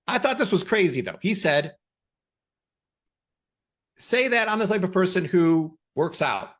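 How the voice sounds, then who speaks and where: A man hosting a podcast who gives a motivational talk and tells stories in an emphatic, animated way. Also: high voice, measured pace. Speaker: podcast host.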